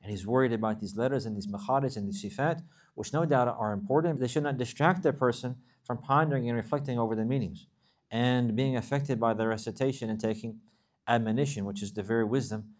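A man gives a religious lesson at a brisk clip. He reads classical Arabic text rapidly and then explains it in English, repeating and rephrasing phrases as he goes. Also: mid-range voice. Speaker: Islamic teacher.

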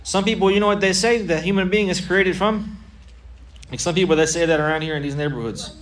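Animated man teaching children faith, distant mic. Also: sits high, brisk. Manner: asks and repeats questions, animated, builds lists. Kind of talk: Islamic lesson for kids with questions.

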